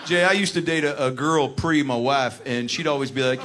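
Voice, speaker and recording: A man's voice: medium pitch, fairly even intonation, a little fast, few pauses. A man from Tulsa hosting a live comedy talk show, asking rambling questions full of fillers and jokes. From Tulsa, United States. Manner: rambling, filler-heavy, joking. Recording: live stage with audience noise.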